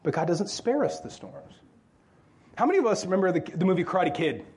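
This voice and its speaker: A man with a notably high voice preaching in church. He talks loosely and conversationally, cracks jokes and keeps asking the congregation questions. The delivery feels like chatting with friends from the pulpit. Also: sing-song, fairly quick, a little mellow, a little hiss or hum. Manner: conversational, joking, asks the crowd questions. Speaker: pastor. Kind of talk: sermon.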